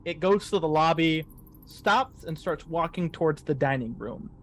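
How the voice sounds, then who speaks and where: A man running a tabletop horror game as game master, narrating scenes slowly for suspense. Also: fairly high pitch, lively intonation, fairly bright tone, a little hiss or hum.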